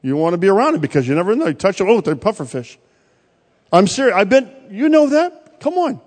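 A male pastor preaching a sermon, swinging from loud bursts to quiet, pointed asides. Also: sits high, very animated, fairly quick. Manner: preaching with sudden loud rises and quiet drops. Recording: long hall reverb.

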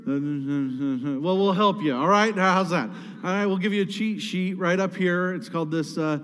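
High-voiced pastor preaching in a hall. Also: male voice, unhurried, fairly bright tone, clear, resonant tone. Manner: emphatic, repeats key words, asks the congregation questions. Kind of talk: sermon.

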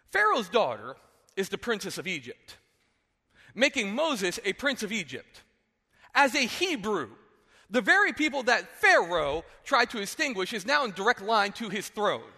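A man preaching a sermon as a pastor, retelling a story in an animated way and acting out the characters. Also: sits high, measured pace, long pauses, long reverb tail. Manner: animated, acts out characters, asks "right?". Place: church sanctuary.

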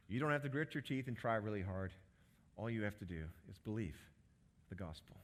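A middle-aged man preaching a sermon in an earnest way, swinging from emphatic rises to soft, low drops. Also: expressive, a little fast. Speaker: pastor.

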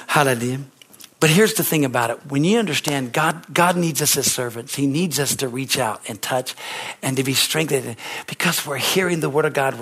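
A pastor preaching a sermon, telling stories with excitement that climbs to shouts, repeating phrases and calling for amens. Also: male voice, medium pitch. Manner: repetitive, emphatic phrasing with call-and-response.

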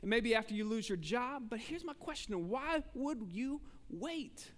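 A man preaching a sermon as pastor, talking conversationally and swinging between emphatic bursts and hushed asides. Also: extremely high pitch, lively intonation, moderate pace, in a large hall.

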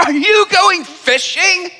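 A man voicing a group of male fishermen on shore who mock and jeer in shrill, laughing voices. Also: takes it slowly, bright, forceful tone, big-room sound, a little hiss or hum, heavily acted.

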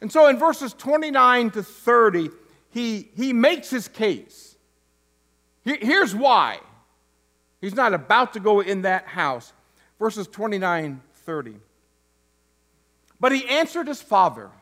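Man, high voice, lively pitch, slow delivery, conversational sermon, joking asides. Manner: restarts and stumbles over words. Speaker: interim pastor.

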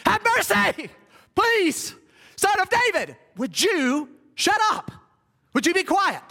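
A blind male beggar crying out in a shrill, desperate, strained shout, as a preacher acts him out. The pleas climb very high and ring loud. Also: sing-song, takes it slowly, vocal fry, big-room sound, exaggerated voice. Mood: desperate pleading.

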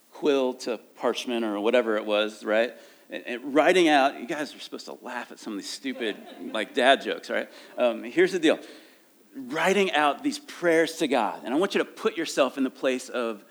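A middle-aged man preaching a sermon in an easygoing, conversational tone. He drifts from careful scripture reading into casual asides and self-aware dad jokes, and his voice rises and falls with emotion. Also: mid-range voice. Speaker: pastor.

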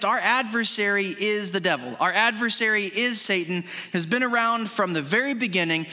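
High, bright-voiced pastor preaching. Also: male voice. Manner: earnest, conversational preaching with frequent restarts. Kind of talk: sermon with opening prayer. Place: church meeting room.

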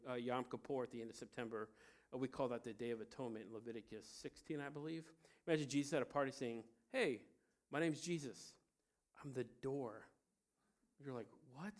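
A man's voice: medium pitch, steady tone, fast. Joking conversational male preacher. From Cincinnati, Ohio. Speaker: pastor. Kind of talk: sermon.

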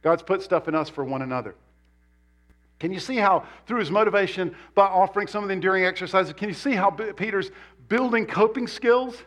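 A male pastor preaching a sermon in a church, animated and emphatic, with sudden jumps up in pitch on key words. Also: brisk. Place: church sanctuary.

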